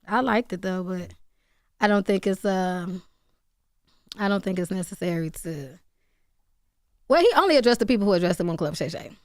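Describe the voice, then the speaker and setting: A woman in her late thirties, a comedian guest chatting on a radio show, loud and laughing, swearing freely. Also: mid-range voice, expressive, moderate pace, pauses often, dry recording, clean studio sound. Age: 30s. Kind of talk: casual radio interview chat.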